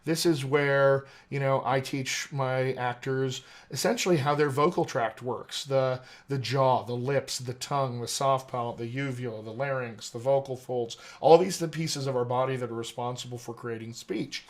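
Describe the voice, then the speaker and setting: A man's voice: medium pitch, moderate pace, few pauses. A man working as an accent coach, explaining at length in a podcast interview, articulate and teacherly with frequent "you know" fillers. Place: podcast studio.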